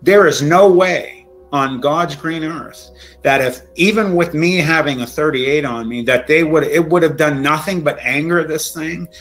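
A man, a guest in an interview, tells a frightening true encounter in an emotional, halting way with many restarts, sounding shaken and close to tears. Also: fairly high pitch, a bit bright, rough recording.

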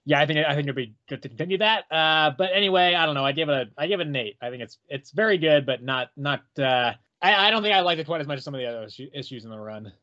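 A man's voice: fairly high pitch, lively intonation, very fast, few pauses, bright, forceful tone. Hedging man in casual comic chat. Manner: hedging, many ums, casual swearing. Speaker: podcast co-host. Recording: muffled crackly mic.

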